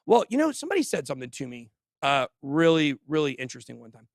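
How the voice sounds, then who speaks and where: A man hosting a crypto livestream in a studio. He does casual commentary in an animated, joking way and talks straight to his viewers. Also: a little high, fast, creaky, dry recording. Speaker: crypto channel host.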